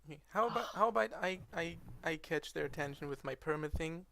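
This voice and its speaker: A woman's voice: low voice, lively intonation, a little fast, gravelly, a bit bright, slight background noise. A woman playing a tabletop game, describing her character's actions hesitantly and repeating words. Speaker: player.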